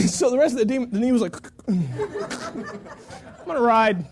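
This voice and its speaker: A pastor telling a long, self-mocking story during a sermon, acting out the quotes with lots of energy. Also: male voice, very high-pitched, sing-song, normal speed, long pauses, darkish tone, a faint crowd.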